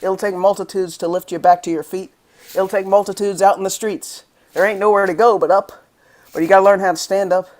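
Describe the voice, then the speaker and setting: A spoken word poet from the United States, reading verse in a rhythmic, impassioned voice. The delivery keeps rising into angry emphasis at mid pitch. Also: fairly even intonation, fairly quick. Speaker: guest poet.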